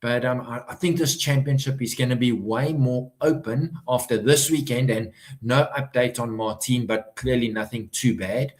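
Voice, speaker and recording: A man co-hosting a live-streamed chat who offers his opinions at an easy pace. He has a mid-range voice and often hedges with "I think". His manner is relaxed and conversational. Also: medium pitch, moderate pace, few pauses, poor audio. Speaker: podcast co-host.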